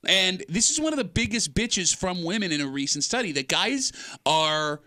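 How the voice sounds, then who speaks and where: A man in young adulthood hosts a casual radio talk show, his fairly high voice bouncing across a wide range. His tone is bright and forceful, joking and animated as he reads through a list. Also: normal speed.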